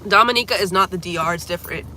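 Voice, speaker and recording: Streaming live from home, a young singer talks rapid-fire in a lowish, pushed, bright voice. She has a cold, so she's congested and keeps coughing and apologizing as she chats casually; slight background noise is present.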